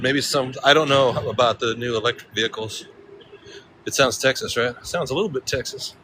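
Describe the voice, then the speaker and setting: A man from Central California talks loosely on a walking livestream, rambling from one thought to the next and chuckling at his own jokes. His voice is bright and clear, with a little faint street noise behind him outdoors. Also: medium pitch, fairly quick, poor audio. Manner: joking, rambling, chuckling often. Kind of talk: casual walking livestream chat.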